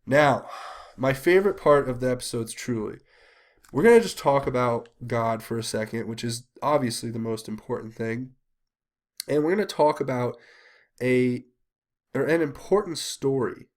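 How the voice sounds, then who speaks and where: A congested man with a cold hosts his own channel in an earnest, rambling monologue. He pleads with viewers, stumbles over many fillers, and keeps a middle-pitched voice. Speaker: channel host. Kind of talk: casual solo commentary.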